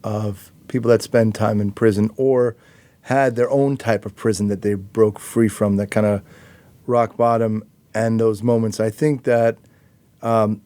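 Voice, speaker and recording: A man's voice: fairly low pitch, fairly even intonation, measured pace, mellow, no room sound. A man hosting a podcast interview, talking in a reflective way with many fillers and restarts. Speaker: podcast host. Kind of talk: conversational interview.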